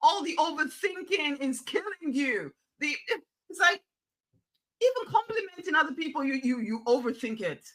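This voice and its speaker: A woman's voice: high voice, lively intonation, moderate pace, poor audio. A woman giving an emphatic, repetitive motivational talk, coaxing her listeners to loosen up. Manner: emphatic, repetitive, coaxing, swings to soft near-whisper. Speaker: motivational speaker.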